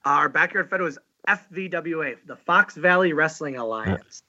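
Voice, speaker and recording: Interview guest: higher, bright-toned man, halting storyteller, dull lo-fi audio. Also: lively intonation. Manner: halting, lots of fillers and restarts, chuckles. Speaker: guest, professional wrestler.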